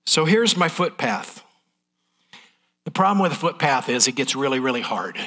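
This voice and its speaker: A man's voice: mid-range voice, animated, normal speed, long pauses, a bit bright, breathy edge. A middle-aged man preaching a sermon in a folksy, candid, emotional way. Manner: folksy, transparent, emotional delivery.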